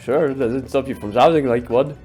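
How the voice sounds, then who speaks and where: A game streamer making quick joking asides while playing. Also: mid-range voice, over music. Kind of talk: casual game commentary.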